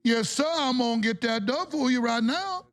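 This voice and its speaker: A man doing a mock impression of a smug male oil company executive with a Cajun accent, in a gravelly, drawling voice. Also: very high voice, expressive, moderate pace, a bit bright, no room sound, pitched above the performer's own voice.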